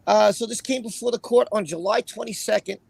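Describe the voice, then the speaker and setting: A man hosting a casual livestream with a raspy voice, chatting and then reading a court opinion aloud in a rambling way. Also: high voice, fairly quick, darkish tone, no room sound. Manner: rambling, chatty, with fillers and repeated phrases. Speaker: livestream host.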